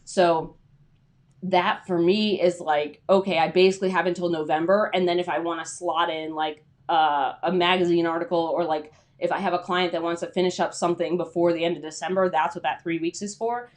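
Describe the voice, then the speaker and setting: Woman freelance writer, casual livestream advice, lowish voice, rambling, lots of fillers. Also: fairly even intonation, fairly quick. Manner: chatty, rambling, many "like" fillers.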